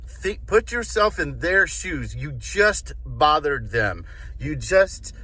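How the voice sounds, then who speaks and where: Man, sales trainer, bright forceful voice, slightly high, emphatic, casual. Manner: emphatic, checks in with "okay?" and "all right?"; casual, swears now and then. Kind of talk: instructional talk.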